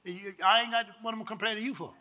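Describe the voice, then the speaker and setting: A man, preaching a sermon with call-and-response, moving between quiet Bible teaching and loud exhortation. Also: high-pitched, steady tone, quick pace, slight background noise. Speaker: pastor.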